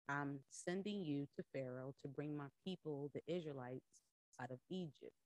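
Low-voiced woman coach teaching casually. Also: a little mellow, no echo. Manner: conversational, laughs often, acts out voices in retelling. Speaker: podcast host and coach. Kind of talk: casual Bible teaching talk.

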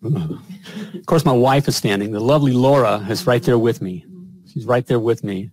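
A man's voice: mid-range voice, moderate pace, a little mellow. A middle-aged man hosting a show, telling a personal story in a rambling way with lots of fillers and chuckles. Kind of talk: casual storytelling.

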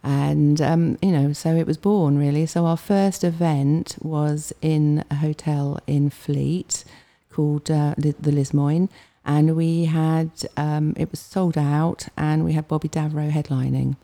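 Middle-aged woman guest from Hampshire, low mellow voice, animated storyteller. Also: unhurried. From Hampshire, England. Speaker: guest, comedy night organiser. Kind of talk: casual storytelling interview.

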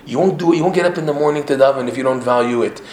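A man teaching a religious class to his regular students, animated, firing off rhetorical questions and often repeating himself. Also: medium pitch, rapid-fire, a little hiss or hum. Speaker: Torah teacher. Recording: echoey room, faint ambience.

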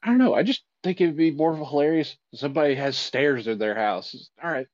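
A giggly, mischievous man in a casual chat, his voice bouncing lively up and down at a middling pitch. The sound is dry but a little dull and lo-fi. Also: fairly quick, no room sound. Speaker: podcast co-host.

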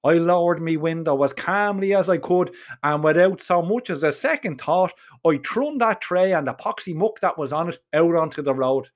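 A man with a thick Dublin Irish accent tells his story in first person, earthy and full of swearing and local slang. His voice sits a little on the high side for a man. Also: animated, normal speed. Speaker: narrator. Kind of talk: first-person audiobook narration.

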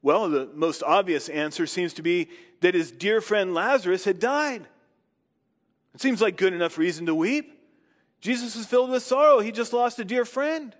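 Male preacher, fairly high pitch, dramatic pausing delivery, reverberant hall sound. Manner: slow dramatic pauses, rising to emphatic questions. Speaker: pastor. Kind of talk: sermon with scripture reading.

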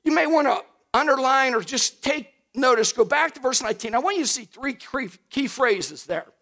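A middle-aged pastor preaching a sermon in a folksy, animated way, talking straight to his congregation and rising to shouts at his high points. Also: normal speed. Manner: folksy, addresses the congregation directly.

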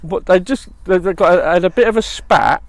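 A man's voice: high-pitched, brisk, no echo. A man co-hosting a crude comedy podcast, swearing freely and ranting in a jokey way. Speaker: podcast co-host. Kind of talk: crude casual comedy chat.

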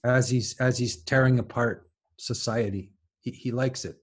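Halting, thoughtful man thinking aloud. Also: mid-range voice, steady tone, husky. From lives in France. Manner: halting, many restarts and repeated words, thinking aloud. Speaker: podcast guest. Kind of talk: casual intellectual conversation.

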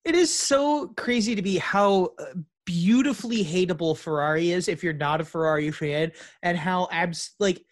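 A man's voice: sits high, moderate pace, dry recording, clean studio sound. A man co-hosting a casual podcast chat, laughing often and reading quotes aloud with rambling asides. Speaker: podcast co-host.

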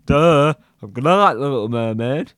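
This is a chatty male pet fish voiced by a man, cheeky and a little clumsy with words. The voice sits at a middle pitch. It is recorded dry and close. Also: animated, moderate pace, dry recording, natural voice.

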